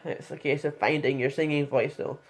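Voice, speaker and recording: A woman's voice: low voice, steady tone, moderate pace, breathy edge. Chatty woman vlogger. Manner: chatty and frank, with swearing and frequent fillers. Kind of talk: casual voice tutorial.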